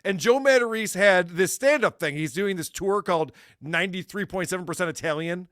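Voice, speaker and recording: A man's voice: high voice, a little fast, fairly bright tone, clear, resonant tone, dry recording. A man co-hosting a casual comedy podcast, ranting in a sarcastic way and swearing a lot, close to the mic. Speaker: podcast co-host.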